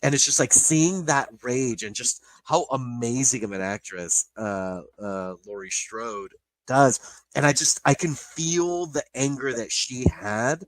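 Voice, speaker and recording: A man of ordinary pitch chats casually on a podcast, rambling and emotional with plenty of fillers and curse words. His voice is recorded close and dry, with no room sound. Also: unhurried, dry recording, low-quality recording. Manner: rambling, emotional, swears freely, many fillers. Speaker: podcast co-host. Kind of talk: casual chat.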